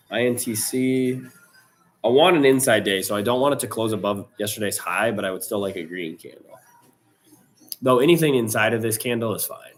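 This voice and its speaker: Guy doing a live trading stream, kinda low voice, slangy and loose, just chatting with chat. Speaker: livestream trading host. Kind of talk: casual livestream chat to viewers.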